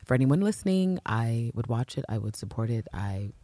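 A woman co-hosting a casual fan podcast, animated, swinging from loud exclaiming to hushed asides. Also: very deep voice, a little fast, dry recording. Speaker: podcast co-host.

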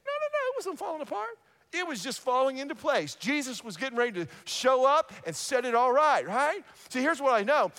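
A man's voice: very high-pitched, fairly bright tone. A man preaching a sermon as a pastor in a church, emphatic, repeating key lines and checking in with the congregation. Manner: emphatic, repeating key phrases and asking the crowd "right?".

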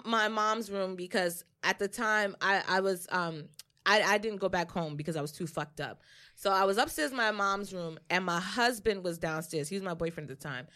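A young woman co-hosting a podcast, telling a personal story in casual, profane chat and acting out other people's lines. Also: mid-range voice. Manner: profane, animated, acts out quotes. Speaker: podcast co-host.

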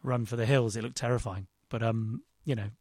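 A man's voice: mid-range voice, steady tone, fairly quick, darkish tone, dry recording, studio quality. A man, a guest in an interview, telling a rambling, self-deprecating story with frequent restarts. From London, England. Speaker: actor and director guest. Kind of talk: casual interview chat.

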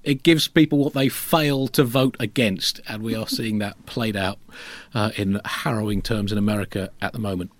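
A man co-hosting a comedy podcast, speaking in a measured, reflective way with hesitant fillers. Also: fairly low pitch, fairly even intonation. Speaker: podcast co-host.

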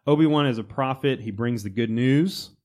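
Man, casual podcast host, mid-pitched, animated delivery, slips into quoted character voices, conversational. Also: normal speed. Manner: animated, quotes film lines in put-on voices. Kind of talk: casual chat.

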